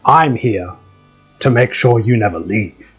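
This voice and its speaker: A man voicing a stern, zealous male orc prison warden who speaks in a slow, solemn, menacing way. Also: fairly low pitch, expressive, slightly rough, dull audio, soft background music, heavily acted.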